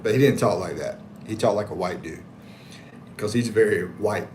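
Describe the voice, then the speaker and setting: A man's voice: on the low side, moderate pace, a little hiss or hum. A man on a casual livestream, telling a story in a jokey, slangy way and reading viewer comments aloud. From United States. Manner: animated, slangy, jokey, reads chat aloud. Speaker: livestream vlogger. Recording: echoey room, faint background ambience.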